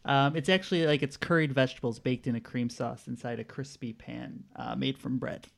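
A relaxed man runs a casual quiz among friends, reading out each answer at an easy pace. He chuckles often and keeps things loose and friendly, with a voice of ordinary pitch. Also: a little fast, gravelly, background noise. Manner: laid-back, laughs often, reads answers out. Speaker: quiz host. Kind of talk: casual group game chat.

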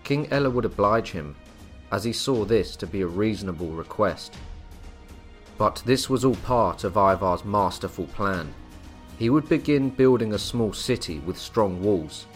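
Man narrating history over soft music. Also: on the low side, animated. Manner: measured, storytelling delivery. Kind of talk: scripted narration.

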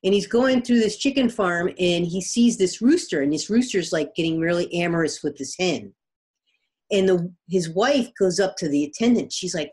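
A woman's voice: fairly low pitch, animated, normal speed, darkish tone. A woman guest, a biology professor, explaining things in casual conversation with everyday examples. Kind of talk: conversational interview.

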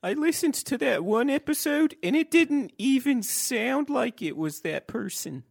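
A man doing a high, gravelly hell sidekick. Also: big pitch swings, measured pace, exaggerated voice. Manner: agreeable, naive, easily amused. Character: eager, dim-witted male sidekick in hell.

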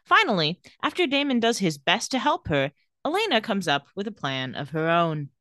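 Lively bright-voiced young woman. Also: mid-range voice, moderate pace, dry recording, studio quality. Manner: lively, laughs often, acts out quotes. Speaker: podcast co-host. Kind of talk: casual recap chat.

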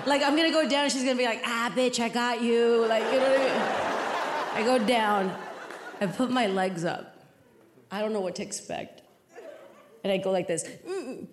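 Woman doing stand-up, high voice, acts out all the lines, swears a lot, echoey venue w loud crowd. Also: normal speed, pauses often, very noisy. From Mexican heritage. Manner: animated storytelling, acts out dialogue, profane. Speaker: stand-up comedian. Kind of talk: stand-up comedy set. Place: large venue before a live audience. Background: laughing audience.

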